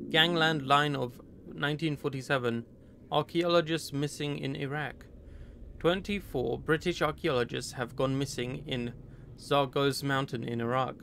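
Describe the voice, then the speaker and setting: A man playing through a horror game and chatting casually, joking and reading on-screen text aloud. His voice sits somewhat high for a man. Faint noise hangs in the background. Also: creaky, fairly bright tone. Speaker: gaming streamer. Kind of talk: casual let's-play commentary.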